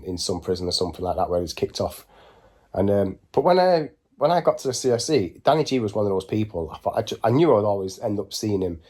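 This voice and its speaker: Forties male ex-con, husky and low, tells it straight in a loose, wandering way. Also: darkish tone. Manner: blunt, rambling, matter-of-fact. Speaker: former prisoner telling stories. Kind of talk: casual spoken storytelling.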